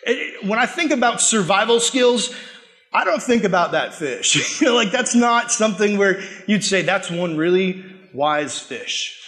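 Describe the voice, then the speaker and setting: A man with a noticeably high-pitched voice delivers a sermon. He tells stories animatedly, acting out what people said. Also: normal speed. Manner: animated, acts out quotes and laughs while telling stories. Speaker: preacher. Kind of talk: sermon with personal storytelling.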